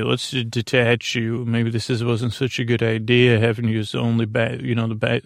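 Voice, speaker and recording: Flat, gravelly man recapping an episode. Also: mid-range voice, dry recording, studio quality. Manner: halting, many fillers and restarts; quick flat retelling of scenes and lines. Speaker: podcast host recapping an episode.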